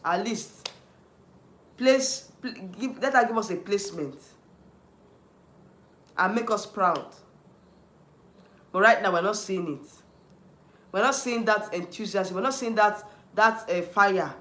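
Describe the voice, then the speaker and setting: A man with a Nigerian accent rants on a livestream, hammering the same points and breaking off to answer chat. His voice sits high and sounds bright and forceful. The room around him rings with a noticeable echo. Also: takes it slowly, long pauses. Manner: heated, repetitive, restarts often, answers chat. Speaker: YouTube livestream host. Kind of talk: ranting livestream commentary.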